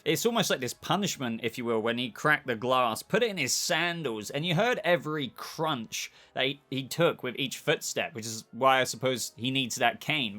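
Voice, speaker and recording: A man's voice: medium pitch, fairly bright tone. Male host, British accent, upbeat and conversational, mid-range voice, casual review delivery. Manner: chatty, upbeat, keeps saying "if you will". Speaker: TV show reviewer, channel host. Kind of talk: casual spoken video review.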